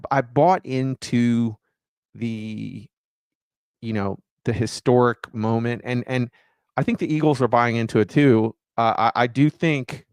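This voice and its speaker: A man chatting casually as co-host of a fantasy football show. He rambles and restarts his sentences often, and his voice is smooth and resonant. The sound is dry and close, with no room in it. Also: medium pitch, no room sound. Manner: rambling, halting with many restarts and fillers. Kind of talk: casual chat.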